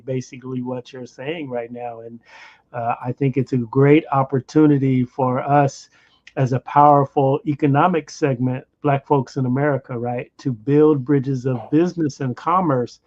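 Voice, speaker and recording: A man hosting an interview in a relaxed conversational way, often saying "you know". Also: medium pitch. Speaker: host. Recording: dull lo-fi sound.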